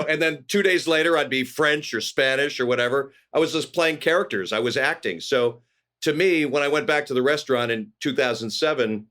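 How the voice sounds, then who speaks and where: Animated middle-aged man telling stories. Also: mid-range voice, fairly quick. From California. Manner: animated anecdotes with voiced quotes. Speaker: actor guest. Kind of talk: storytelling interview.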